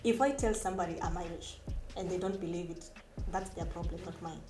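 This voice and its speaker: A woman and part-time activist reasoning out loud earnestly in a casual group discussion. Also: fairly low pitch, fairly quick, distant mic. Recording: echoey room, music underneath.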